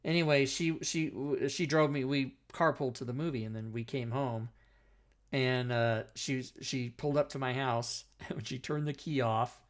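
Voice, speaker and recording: A man's voice: mid-range voice, fairly even intonation, normal speed. A middle-aged man telling a long personal story in casual chat as a talk show host. He rambles, swears a lot and keeps cutting himself off. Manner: rambling, profane, self-interrupting.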